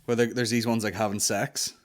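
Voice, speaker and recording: A man's voice: fairly low pitch, a little fast. A man hosting a comedy podcast, ranting crudely with lots of swearing and acted-out bits. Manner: lively, mocking, swears a lot, acts out bits. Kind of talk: crude comic rant.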